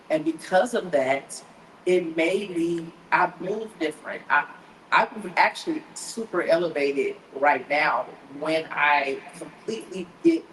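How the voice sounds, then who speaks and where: A woman hosting a podcast, giving a motivational talk in an animated, preachy way, often acting out people's inner voices. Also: low voice, a little hiss or hum. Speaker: podcast host. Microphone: live stream setup. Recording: echoey room with faint ambience.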